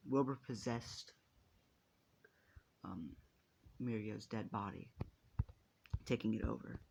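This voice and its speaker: A man's voice: on the low side, takes it slowly, vocal fry, a little mellow, slight background noise. A man narrating an improvised fan story in a rambling, casual way, with many restarts and casual swearing.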